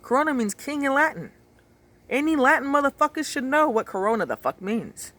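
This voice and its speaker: A man's voice: very high voice, big pitch swings, fairly quick, bright, forceful tone. A man ranting in casual talk, emphatic and profane, repeating his points. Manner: emphatic, swears a lot, repeats phrases.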